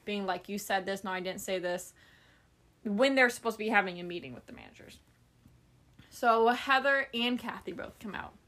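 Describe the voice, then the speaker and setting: Speaking at a moderate pace with a medium-pitched voice, a female podcast host relates a story in a relaxed way. She brings quoted people to life with lively impressions and drops casual swear words.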